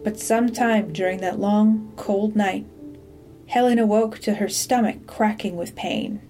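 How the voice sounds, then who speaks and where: Slow, deliberate woman storyteller. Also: mid-range voice, steady tone, mellow, soft background music. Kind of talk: scripted dark-comedy narration.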